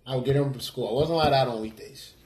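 A laid-back man trading jokes on a casual podcast in a middle-pitched voice. His voice carries a roomy echo from the space around him, and he likes to riff on made-up scenes. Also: fast, a little mellow. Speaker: podcast co-host. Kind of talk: casual chat.

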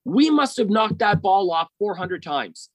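A man's voice: high voice, very animated, measured pace, no room sound, low-quality recording. A middle-aged man telling a personal story as a podcast guest, rambling and often checking in with "right?".

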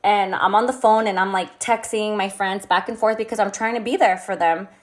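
A young woman speaking frankly and casually, as if confiding in friends. Her voice sits at an ordinary middle pitch, and her talk is loose and full of fillers. She tells her story with blunt, unfiltered candor. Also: fairly even intonation, a little fast. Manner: casual and frank, heavy swearing, filler-laden. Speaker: vlogger. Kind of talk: candid personal storytelling.

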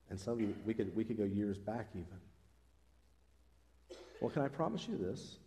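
Male pastor, mellow low-key tone, earnest conversational preaching, church reverb trailing each line. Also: animated, moderate pace, long pauses. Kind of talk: sermon. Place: church sanctuary.

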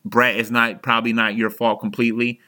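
A young man hosting a sports podcast rants angrily as a frustrated fan, brisk and sharp-toned at mid pitch with level intonation. He is heated and profane, often restarting his sentences.

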